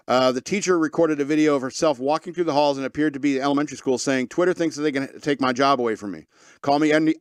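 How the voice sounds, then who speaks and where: A man's voice: medium pitch, clean tone, no echo. Sarcastic man reading news, dry close mic. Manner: sarcastic, reads quotes aloud with asides. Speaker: podcast host reading news. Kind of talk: casual talk radio commentary.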